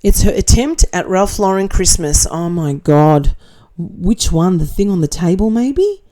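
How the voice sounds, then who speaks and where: A woman's voice: on the low side, animated, unhurried, mellow. A middle-aged Australian woman hosting a casual commentary chat, reading viewer comments aloud with blunt, sarcastic, laughing asides.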